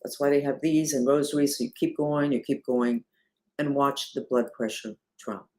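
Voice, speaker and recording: Animated woman leading a spiritual talk. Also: a bass voice, moderate pace. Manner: animated, rhetorical, swings between loud and hushed. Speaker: spiritual movement leader. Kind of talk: casual spiritual talk to followers.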